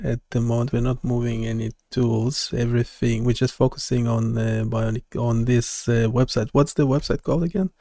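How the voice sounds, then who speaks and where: A man developer streaming live, talking casually and haltingly as he thinks aloud, with many fillers. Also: medium pitch, steady tone, dark tone, no room sound, studio quality.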